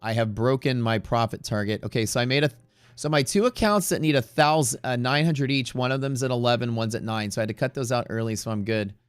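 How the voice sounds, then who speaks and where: A man's voice: mid-range voice, quick pace, clear, resonant tone, dry recording, faint music behind. A man hosting a live day-trading stream, talking in a chatty, rambling way that turns profane at times. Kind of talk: casual live-stream commentary. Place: Houston area.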